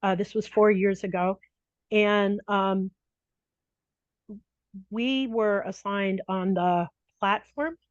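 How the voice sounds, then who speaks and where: A woman who works as a disaster mental health responder tells stories in an interview, animated, laughing often and restarting her sentences. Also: medium pitch, slow pace, long pauses, dry recording, muffled recording. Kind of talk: conversational storytelling interview.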